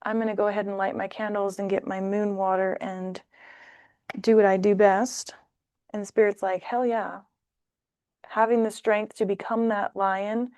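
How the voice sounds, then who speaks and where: A woman talks through a tarot spread in a loose, chatty way, jumping into playful little voices as she goes. Her pitch sits in the middle for a woman. The sound is close and dry, with almost no room in it. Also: level tone, moderate pace, darkish tone, smooth, no echo. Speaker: tarot reader. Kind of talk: casual tarot reading to camera.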